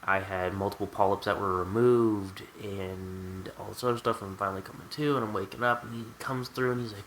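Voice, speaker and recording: A man's voice: on the low side, fairly even intonation, fairly quick, hardly any pauses, a bit bright, slight background noise, poor audio. A man telling a candid, wry personal story to the camera in a storytime vlog. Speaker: vlogger.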